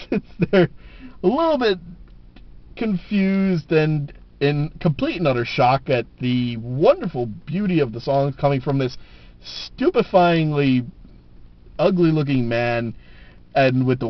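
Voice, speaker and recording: A man's voice: on the high side, very animated, measured pace, no room sound. A man telling jokes casually to the camera, laughing at his own punchlines, on a dull lo-fi camera recording.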